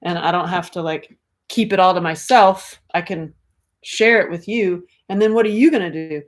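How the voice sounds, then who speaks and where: A middle-aged woman talks straight to her viewers on a casual livestream. Her voice sits a little low, and she is animated and blunt, swearing freely as she reads out comments. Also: normal speed. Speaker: livestream host.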